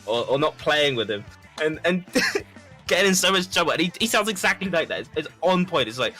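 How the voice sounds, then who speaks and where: Bright-voiced male esports commentator. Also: on the high side, sing-song, soft background music. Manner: rapid, repeats words, chatty.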